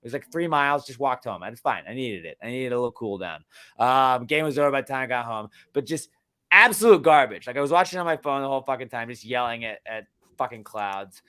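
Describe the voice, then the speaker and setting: A young man co-hosting a sports podcast, ranting heatedly and with lots of swearing, jumping between loud outbursts and low muttering. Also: animated, fast, smooth. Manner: heated, profane, swings from shouting to muttering. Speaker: podcast co-host. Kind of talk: casual sports podcast rant.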